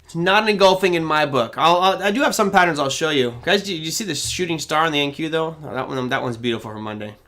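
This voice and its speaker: A middle-aged man hosts a live trading question-and-answer show, his voice sitting a little higher than most men's. He talks in a loose, conversational way, reading viewer questions aloud and thinking out loud as he answers them. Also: fast. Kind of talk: casual live Q&A.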